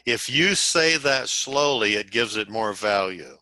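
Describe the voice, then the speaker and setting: A man leads a sales training session with a bright, forceful voice. He talks slowly and deliberately, stopping to act out sample invitations. The recording is dry and close. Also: on the low side, lively intonation, no echo, poor audio. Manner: slow, deliberate, acts out sample calls. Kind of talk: coaching talk to a group.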